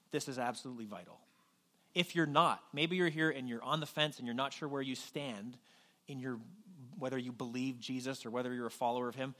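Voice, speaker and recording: A man's voice: mid-range voice, a bit bright. A young adult man from New Brunswick, Canada, preaching as pastor in a conversational, self-deprecating way with frequent restarts. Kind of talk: sermon.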